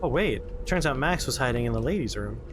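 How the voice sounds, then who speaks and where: A man's voice: medium pitch, expressive, fast talker, noisy background. A man streaming a horror game, giving casual, rambling commentary full of jokes and puns. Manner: jokey, rambling asides and puns. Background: horror game music playing clearly.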